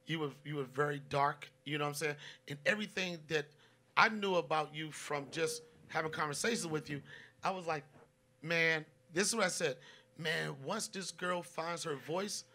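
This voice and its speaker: Male comic host, bright ringing tone, slightly high, loose and profane, acts out every quote. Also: normal speed. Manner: animated, profane, interrupts himself, acts out quotes. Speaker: podcast host and comedian. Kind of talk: casual live podcast chat. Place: live audience show.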